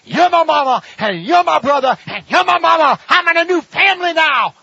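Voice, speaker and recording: A preacher voicing a bold, proclaiming Jesus. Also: male voice, very high-pitched, lively intonation, a little fast, vocal fry, no room sound, muffled recording, voice pushed up, full character voice. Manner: proclaiming, rising to a shout.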